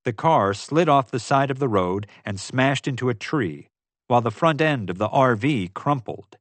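A man narrating a story aloud in a lively, expressive way. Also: mid-range voice, moderate pace, no echo. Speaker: audiobook narrator. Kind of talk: scripted narration.

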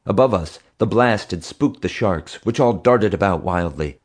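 A man with a very low voice reads a story aloud as narrator. His delivery is steady and scripted, in the manner of an audiobook. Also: normal speed.

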